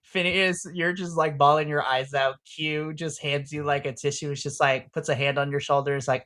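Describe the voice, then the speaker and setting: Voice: medium pitch, steady tone, normal speed, a bit bright. A game master of a tabletop role-play podcast, chatting and narrating in a rambling, playful way, often laughing.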